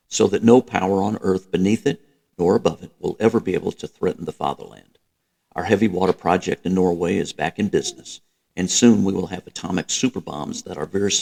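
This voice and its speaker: A man voicing a grandiose middle-aged dictator, speaking in a slow, emphatic rant. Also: deep voice, creaky, a little mellow, breathy edge, heavily acted.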